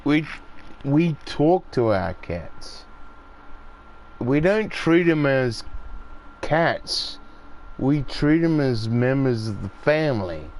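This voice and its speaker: A man's voice: mid-range voice, sing-song, takes it slowly, long pauses, darkish tone, slight background noise. An Australian man chatting casually on a gaming stream, rambling and swearing freely as he tells stories. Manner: swears freely, acts out voices when telling stories.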